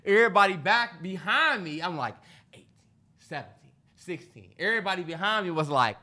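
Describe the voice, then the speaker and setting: A man's voice: high-pitched, fairly quick. A man co-hosting a podcast, telling a story in casual chat, acting out what people said and laughing often, out of breath. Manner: animated, acts out quotes, laughs a lot. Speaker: podcast co-host.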